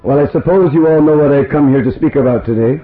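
A man's voice: a little high, quick pace, faint music behind, lightly acted. A man playing a famous, aloof preacher who speaks curtly and dismissively, in a roomy, tinny recording. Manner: curt, dismissive.

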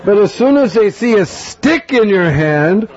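A man giving a sermon as an animated storyteller who often chuckles. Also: high-pitched, a little slow, dull audio, some chatter behind. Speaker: spiritual teacher.

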